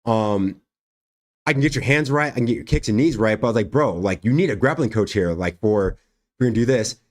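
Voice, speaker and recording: A young man with a lowish voice, talking a little fast, hosts a livestream and is also a fighter. He tells a story casually and animatedly, acting out the quoted dialogue and laughing often.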